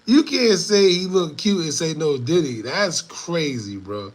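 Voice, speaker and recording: A man hosting an online commentary show, talking casually to viewers in a repetitive, animated way with laughing asides. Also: on the high side, measured pace. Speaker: show host.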